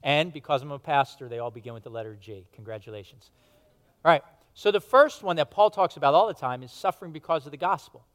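A pastor preaching a sermon to his congregation, conversational and emphatic, rising to stress points and dropping to quiet asides. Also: a little high, quick pace. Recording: long hall reverb.

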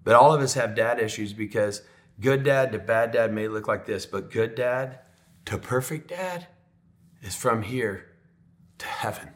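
A man preaching a sermon in a heartfelt, conversational way, often slowing into soft pauses. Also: medium pitch. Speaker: pastor. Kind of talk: sermon storytelling.

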